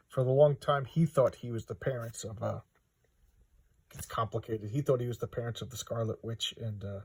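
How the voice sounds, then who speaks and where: Husky-voiced man chatting through old comics. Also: medium pitch, no echo. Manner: enthusiastic, rambling with fillers and asides. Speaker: comic book reviewer. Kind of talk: casual page-by-page commentary.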